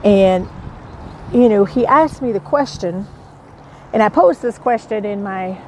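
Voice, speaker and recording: A woman's voice: mid-range voice, unhurried, slight background noise. A woman hosting a podcast, talking in an earnest, blunt motivational monologue, swearing freely and repeating her points for emphasis. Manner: emphatic repetition. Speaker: podcast host.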